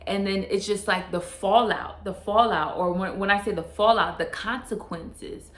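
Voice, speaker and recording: A woman's voice: medium pitch, fairly even intonation, normal speed. Earnest woman giving advice in a roomy space. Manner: earnest, repeats and restarts phrases, speaks straight to the viewer; casual slang like "yo" and "straight up". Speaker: vlogger giving life advice. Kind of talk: casual motivational talk to camera. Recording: roomy echo.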